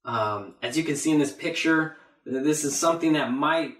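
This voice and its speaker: A man's voice: a little high, normal speed, fairly bright tone. A man preaching a Bible sermon, emphatic and repeating his phrases for weight. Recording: roomy echo.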